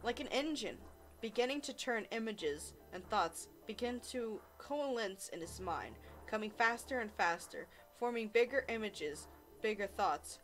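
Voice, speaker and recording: A young woman playing a visual novel, reading the text and dialogue aloud with laughing, excited asides. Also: fairly high pitch, a little slow, faint music behind. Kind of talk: let's play narration.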